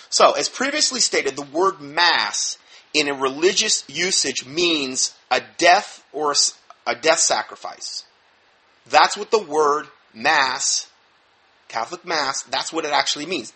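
Male preacher, emphatic sermon delivery, bright and a bit high-pitched, quick mumbled asides. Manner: emphatic, animated, with sudden drops to mumbled asides. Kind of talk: sermon-style teaching talk.

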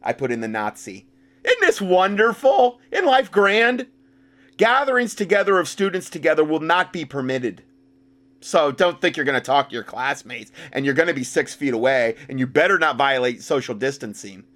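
A man giving sarcastic commentary while reading documents, mocking the text and rising to loud outbursts. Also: mid-range voice, animated, a little fast. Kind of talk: sarcastic commentary with read-out passages.

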